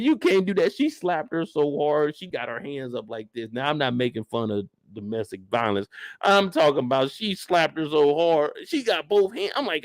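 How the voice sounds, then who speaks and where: A man hosting a live after-show stream, reacting to a TV episode in animated, joking, casual commentary aimed straight at his viewers. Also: a little high, no room sound, studio quality. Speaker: host reviewing a TV episode.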